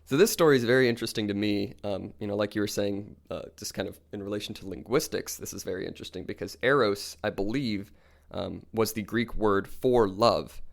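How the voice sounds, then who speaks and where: Calm low-voiced man retelling myths. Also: fairly quick, vocal fry. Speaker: podcast co-host. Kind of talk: casual podcast storytelling.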